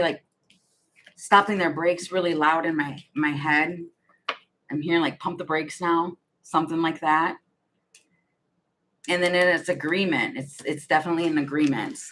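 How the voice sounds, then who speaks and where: A woman reads tarot cards aloud in a loose, wandering monologue, often restarting her sentences and breaking into giggles. Her voice sits on the low side. A faint noise hums behind her. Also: a bit bright, rough recording. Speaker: tarot reader. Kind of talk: casual tarot reading monologue.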